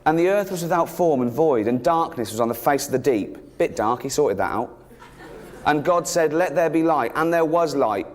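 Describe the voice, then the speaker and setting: A man doing a stand-up routine, sardonic and mocking, often jumping up into a high, exasperated pitch. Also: lively intonation, normal speed, a little mellow, a little hiss or hum. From England. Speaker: stand-up comedian. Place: theatre stage with live audience.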